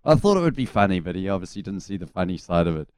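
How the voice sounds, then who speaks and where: A man's voice: low-pitched, big pitch swings, very fast, a little mellow, no room sound. A man in his forties with a New Zealand accent, a former cricketer telling laid-back anecdotes as a guest on a casual radio chat.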